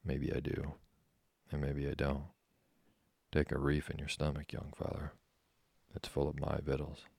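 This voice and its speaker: A man voicing a dry, plainspoken old fishing-schooner captain with an unhurried, folksy way of talking. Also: rumbling low, completely flat delivery, creaky, a little mellow, husky, no room sound, heavily acted.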